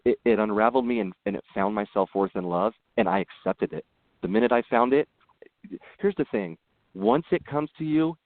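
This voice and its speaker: A man with a lowish voice that swings widely as he tells animated stories, earnest and full of restarts as he chats as a podcast guest. The sound is thin and phone-like, with a dry, close feel. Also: vocal fry, no echo. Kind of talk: casual interview conversation. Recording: tinny phone-like line.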